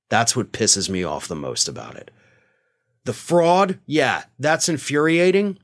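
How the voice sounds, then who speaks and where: A man's voice: medium pitch, very animated, a little slow. A man hosting a political commentary show, talking in a sarcastic, indignant and mocking way.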